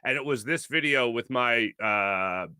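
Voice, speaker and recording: A man's voice: mid-range voice, measured pace, sharp tone, clean tone, no room sound, clean studio sound. A man hosting a sports talk show, chatting casually and playfully, laughing often.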